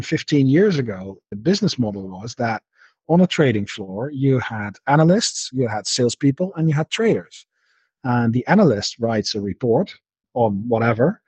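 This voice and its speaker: A man's voice: medium pitch, expressive, normal speed, darkish tone, breathy edge, no echo. A man in a casual interview, explaining markets at length and often repeating words as he thinks. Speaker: interview guest, market analyst.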